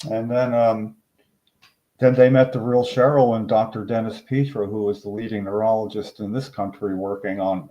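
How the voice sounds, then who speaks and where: An older man tells a long story as an interview guest, rambling and animated, slipping into the voices of the people he quotes. His voice sits at a middle pitch. The room around him rings with echo. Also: lo-fi sound. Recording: echoey room.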